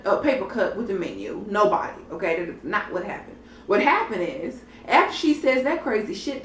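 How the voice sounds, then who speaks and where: A woman's voice: a little high, a bit bright, recorded from a distance. A sassy young woman rants through a reality TV review in loose, profane vlog talk and speaks straight to her viewers. She sits a little away from the mic, so her voice bounces around a roomy space. A faint hum of noise runs underneath. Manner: sassy, blunt, profane, chatty, addresses viewers directly. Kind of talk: casual vlog commentary.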